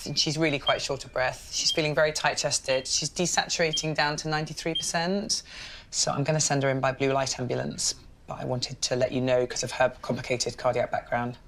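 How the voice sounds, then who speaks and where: A woman GP, speaking in a calm, clear and reassuring clinical manner while arranging care for a patient. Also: extremely low pitch, fairly quick, a little hiss or hum. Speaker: GP doctor. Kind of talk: documentary, phone referral and patient care.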